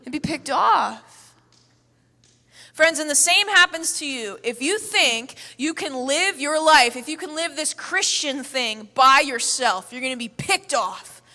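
Bright, high-voiced woman preaching in a hall. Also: measured pace. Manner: energetic, humorous, emphatic storytelling. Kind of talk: sermon. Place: church hall. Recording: echoey hall.

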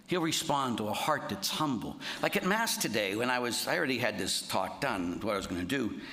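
A male Catholic priest giving a sermon in an animated, folksy way, full of rhetorical questions. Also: mid-range voice.

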